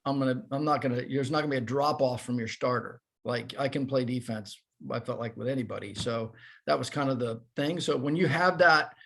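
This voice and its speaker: A man in his fifties, a former baseball player, telling animated, self-deprecating stories as a podcast guest. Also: mid-range voice, a little fast, gravelly. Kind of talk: casual storytelling.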